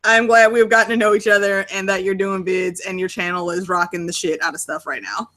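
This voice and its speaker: A woman's voice: medium pitch, fairly even intonation, fairly quick, a bit bright. A woman YouTuber chatting casually on a livestream and swearing now and then. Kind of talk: casual chat.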